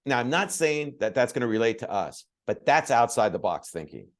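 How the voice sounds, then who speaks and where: A man leading a coaching call, telling stories with energetic emphasis and repetition. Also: medium pitch, fairly quick.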